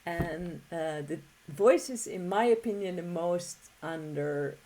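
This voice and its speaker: A woman's voice: on the low side, lively intonation, measured pace, background noise. Chatty woman teaching didgeridoo. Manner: chatty and encouraging, many fillers and restarts. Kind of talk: casual music tutorial.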